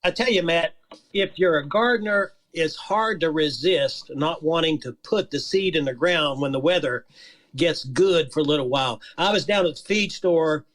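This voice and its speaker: Male beekeeper guest, calm and measured, slightly high voice. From Georgia, USA. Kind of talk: casual radio interview.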